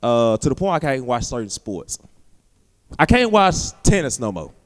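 A man's voice: medium pitch, big pitch swings, normal speed, big-room sound. A man performing a rambling stand-up comedy set on a theater stage, with a loose, filler-heavy delivery. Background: audience laughter.

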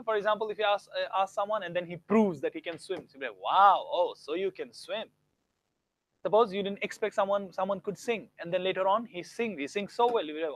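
A man's voice: high voice, fast talker, no room sound. A young man teaching a live grammar lesson, acting out example sentences with exaggerated rising tones. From India.

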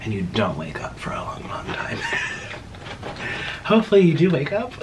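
A young man chats loosely while eating on camera, talking with his mouth full and wandering from thought to thought. His pitch jumps up and down in a lively way. A faint hiss of noise sits under the voice. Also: a little slow, shouting. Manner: chatty, rambling, talks with mouth full. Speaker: mukbang host. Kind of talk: casual chat while eating.

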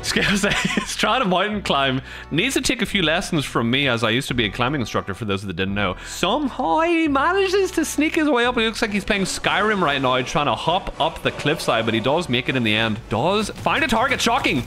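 Excitable young man commenting gameplay. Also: a little high, brisk, few pauses, soft background music. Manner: excitable, laughing, swearing, mock sportscaster play-by-play. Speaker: gaming YouTuber.

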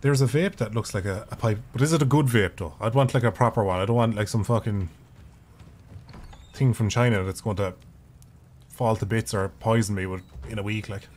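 A man's voice: fairly low pitch, fairly quick, darkish tone, a little hiss or hum. A man streaming a video game, giving casual, profane and rambling commentary with jokes as he plays. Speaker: gaming streamer.

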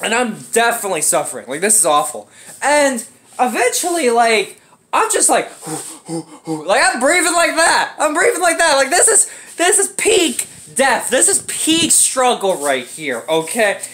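A man's voice: very high voice, normal speed. A young man telling an embarrassing story in a casual, profane, dramatic way. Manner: animated, profane, dramatic with acted-out grunts.

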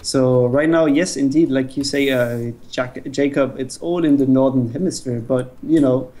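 A man organizing events, talking in a brisk, loose way during a live Q&A with lots of "you know, like". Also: medium pitch, dark tone. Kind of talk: casual live Q&A chat.

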